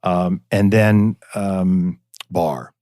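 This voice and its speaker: A man with a fairly low voice tells stories about his hometown in a loose, chatty way, often pausing on fillers. He is recorded close to the mic with no room sound. He comes across as a podcast guest explaining things at length. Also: animated, a little mellow, no room sound. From northeastern Pennsylvania, US. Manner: storytelling, chatty, with frequent fillers. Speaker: guest, preservation society director. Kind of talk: casual podcast interview.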